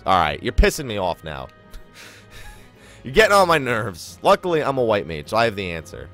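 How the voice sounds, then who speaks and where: A man's voice: on the low side, huge pitch swings, normal speed, sharp tone, faint music behind. A man giving casual let's play commentary, chatty and rambling, laughing often. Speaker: gaming YouTuber.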